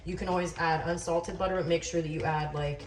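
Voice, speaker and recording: A woman's voice: fairly low pitch, steady tone, fairly quick. A woman hosting a casual cooking video in her home kitchen, chatty and joking at her own expense. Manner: chatty, joking, self-deprecating. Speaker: cooking channel host. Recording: echoey kitchen, distant mic, background noise.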